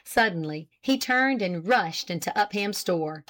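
Woman narrator with a medium voice, steady, measured audiobook reading. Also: mid-range voice.

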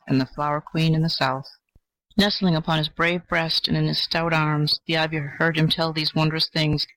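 A narrator reading an old fairy tale aloud in a measured, gentle way. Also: medium pitch, no room sound, rough recording. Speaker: audiobook narrator. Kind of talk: scripted storybook narration.

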